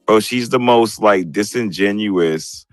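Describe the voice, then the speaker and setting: A man's voice: on the low side, takes it slowly. A man hosting a casual group chat on a video call, opinionated and repeating "bro" and "right" as he argues. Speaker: show host.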